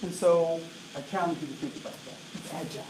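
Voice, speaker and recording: Energetic man speaking in a roomy hall. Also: fairly high pitch, quick pace. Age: 40s. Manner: energetic, rhetorical, frequent "right?" checks. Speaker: diversity trainer. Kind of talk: keynote talk to an audience. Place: large room with an audience. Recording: roomy echo, voice from a distance, faint noise.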